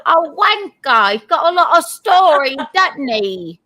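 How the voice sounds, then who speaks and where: Woman doing a high, slow, broad Cockney gossip, mocking and showy. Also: sing-song, sharp tone, heavily acted. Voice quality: exaggerated drawn-out delivery. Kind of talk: comic impression in a live stream.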